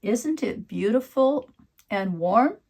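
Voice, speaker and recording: A woman's voice: fairly high pitch, expressive, slow, darkish tone, heavily acted. A woman doing a proud, puffed-up rooster. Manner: boastful, showing off.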